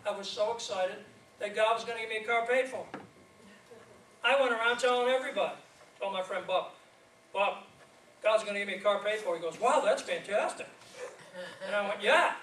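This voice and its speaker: An evangelist preaches in a church sanctuary, telling stories and laughing in a lively way. His high-pitched voice moves a little fast and pauses often. The distant recording is echoey, with slight background noise.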